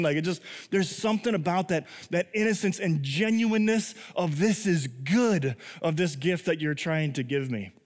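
A man's voice: fairly high pitch, big-room sound. A pastor in his thirties preaching a conversational sermon, often asking "right?" and acting out quotes. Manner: conversational, tag questions, lively acted quotes.

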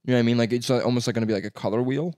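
A man's voice: mid-range voice, steady tone, rapid-fire, warm tone, smooth, dry recording, studio quality. A young man with a stuffy nose, co-hosting a podcast in casual, rambling chat, swearing and laughing often. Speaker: podcast co-host.

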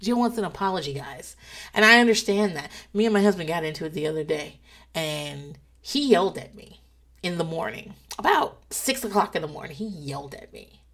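A married woman hosting a casual talk show, gossiping in an animated, profane way and breaking into laughs as she tells stories. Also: lowish voice, fairly quick. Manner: animated, profane storytelling with laughs and acted-out quotes. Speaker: podcast host.

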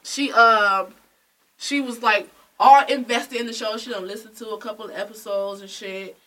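Young woman host, bright lively voice, a bit off-mic with faint hiss, laughing storyteller. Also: on the high side, moderate pace, recorded from a distance. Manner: loud, laughing storyteller, acts out quotes. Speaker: podcast host. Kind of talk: casual chat.

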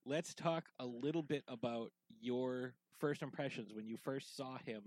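A man's voice: mid-range voice, measured pace, darkish tone, no echo, low-quality recording. Rambling man chatting on a podcast. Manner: rambling, full of fillers and restarts. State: drinking whiskey while talking. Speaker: podcast co-host. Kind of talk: casual podcast chat.

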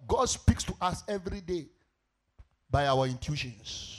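Ghanaian man, pastor, sermon, call-and-response, very lively pitch, husky, faint background music. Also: unhurried. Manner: preaching with call-and-response questions, shouting and sing-song swells.

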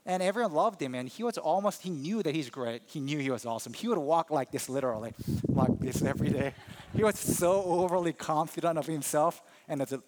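A man preaching a sermon as a pastor, telling a personal story in an animated, emphatic way. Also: on the high side, a little fast, background noise.

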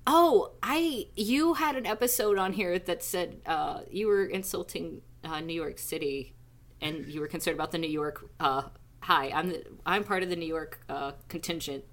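A woman's voice: on the low side, normal speed. A woman guest in casual podcast banter, chatty and swearing, with lots of fillers.

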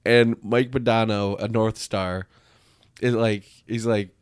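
A man's voice: lowish voice, fairly even intonation, slow, smooth, no room sound, clean studio sound. A man co-hosting a podcast in casual chat, recapping a film's plot in a laid-back way. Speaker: podcast co-host.

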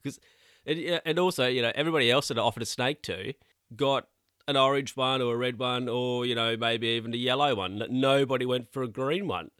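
A man's voice: mid-range voice, fairly quick, fairly bright tone, smooth, no echo, clean studio sound. A man talking through a casual, rambling monologue, often correcting himself and sounding incredulous.

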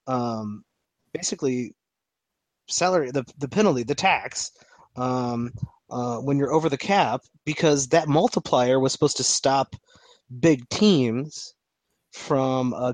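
A man co-hosting a sports podcast in a lively, joking rant, full of restarts. His voice sits mid-range and is recorded close and dry, with no room sound. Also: mid-range voice, dry recording. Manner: animated, joking rants, frequent restarts. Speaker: podcast co-host. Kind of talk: casual sports chat.

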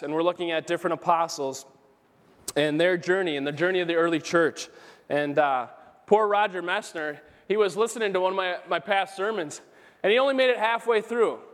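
A man preaching a sermon as pastor, telling a story with animated, emphatic rises. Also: sits high, a little fast. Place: church sanctuary. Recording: church hall with long reverb.

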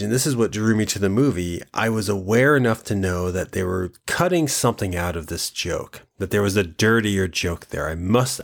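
Husky low-voiced man telling stories. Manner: animated storytelling, mimics film lines. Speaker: podcast co-host. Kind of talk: casual chat about movies.

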